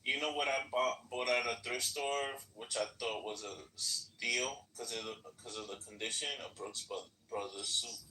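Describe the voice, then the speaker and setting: A man's voice: mid-range voice, fairly even intonation, moderate pace, few pauses, pushed and bright. Man, casual, inquisitive, distant, noisy, echoey. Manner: inquisitive, conversational. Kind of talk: casual chat. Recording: distant echoey line with clear background noise.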